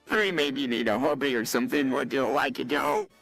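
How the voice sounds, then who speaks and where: A synthetic voice doing Chris, gravelly and bright. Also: male voice, mid-range voice, a little fast, faint music behind. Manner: flat synthetic voice, stumbling over words. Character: dim teenage boy cartoon son, earnest.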